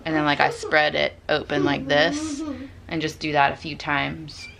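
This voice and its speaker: A woman's voice: low-pitched, flat delivery, normal speed, vocal fry, a crowd in the background. A young woman, a mother, chatting casually in a home vlog and explaining each step as she does it. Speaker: vlogger and mother. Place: home bedroom.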